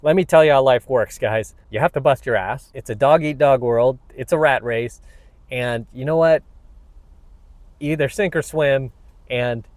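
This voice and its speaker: A self-help vlogger rants to the camera on his own channel, blunt, combative and preachy, tossing in plenty of "you know what"s. His voice is mid-range and a little mellow, at a measured pace, in a dry recording.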